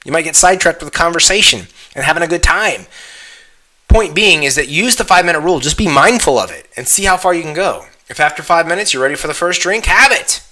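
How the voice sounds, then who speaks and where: Bright-voiced man coaching a lesson. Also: fairly high pitch, fast talker. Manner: direct and coaching, often checks in with "okay?"; animated, voice jumps up on emphatic questions. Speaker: fitness coach. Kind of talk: online course lesson.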